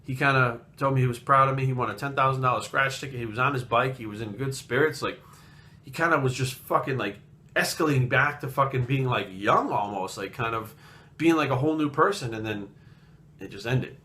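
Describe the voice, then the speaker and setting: A man's voice: mid-range voice, a little fast, sharp tone. A man in his late thirties from Rhode Island, telling a personal story in a blunt, rambling way with lots of swearing. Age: late 30s. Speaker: fitness vlogger. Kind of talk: casual storytelling.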